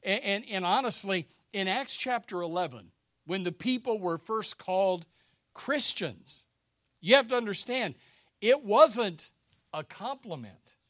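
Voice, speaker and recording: A male pastor preaching a sermon, emphatic and repetitive, swinging between loud urgent declarations and quieter conversational asides. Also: sits high, no echo, clean studio sound. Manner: many fillers and restarts, conversational preaching.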